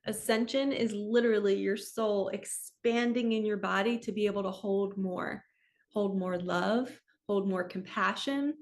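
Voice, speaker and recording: A woman giving a weekly spiritual energy reading as a coach, talking in an earnest, open way and laughing softly at herself now and then. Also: mid-range voice, fairly even intonation, unhurried. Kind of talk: heartfelt spiritual talk.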